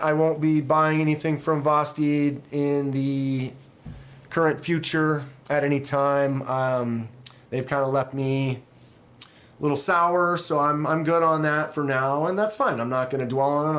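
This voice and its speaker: Brief: male knife-channel host, mid-pitched, casual rambling rant with sighs, frustrated. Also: steady tone, measured pace, a bit bright. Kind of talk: casual livestream chat.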